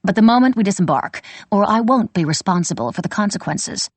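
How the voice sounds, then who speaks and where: A woman's voice: medium pitch, lively intonation, brisk, no echo, natural voice. A woman voicing Marjorie, a haughty woman giving imperious orders.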